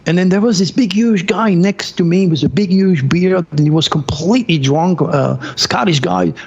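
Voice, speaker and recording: Male guest, French accent, lively raconteur, raspy edge, dull remote-call sound. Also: sits high. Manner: animated, excitable storyteller with halting non-native phrasing. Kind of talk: storytelling in an interview.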